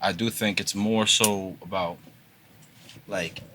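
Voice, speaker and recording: A man's voice: low voice, fairly even intonation, slow pace, background noise. A young man co-hosting a casual podcast, talking in slang and often restarting his phrases. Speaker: podcast co-host.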